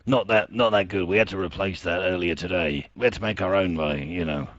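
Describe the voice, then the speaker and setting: A man playing a deadpan doctor with a very deep, husky voice, calmly saying everything in a matter-of-fact way during a game role-play. The audio is dry and dull, like a lo-fi stream mic. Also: brisk, no room sound.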